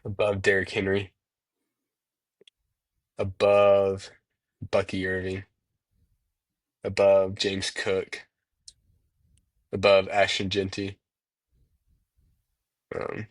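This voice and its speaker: A man's voice: deep voice, completely flat delivery, slow, pauses often, a bit bright, dry recording. A young man co-hosting a casual sports podcast over a video call, agreeable and brief. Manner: agreeable, short replies. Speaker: podcast co-host.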